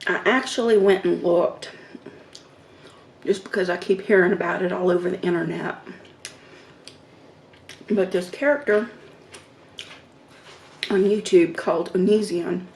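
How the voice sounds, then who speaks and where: A middle-aged woman talks in an unhurried, relaxed drawl between mouthfuls, murmuring quiet sounds of approval as she eats on her vlog. Her voice sits at an ordinary pitch. The room echoes noticeably, and a faint hum of noise runs underneath. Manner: slow, relaxed talk between bites with soft murmurs of approval. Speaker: mukbang vlogger. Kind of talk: casual eating-show chat.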